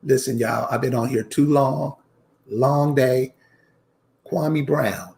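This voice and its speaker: A man's voice: medium pitch, fairly even intonation, slow, gravelly, darkish tone. A man giving a casual commentary rant to his viewers, emphatic and preachy, repeating his points and calling out to them directly. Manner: emphatic, repeats lines, addresses viewers as y'all. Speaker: channel host.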